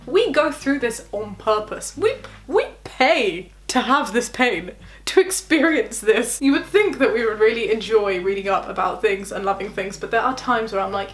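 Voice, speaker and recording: A young woman chatting casually about her PhD life, laughing often and acting out quotes in high voices. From England. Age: young adult. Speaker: PhD student vlogger. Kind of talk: casual reaction vlog.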